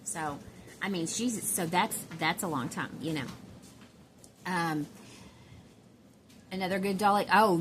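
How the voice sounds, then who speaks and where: Southern woman vlogger, middle-aged, lowish voice, rambling and giggly, faint hiss. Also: a bit bright. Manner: chatty, rambling, giggly, many fillers. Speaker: doll collector vlogger. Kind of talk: casual chat to camera.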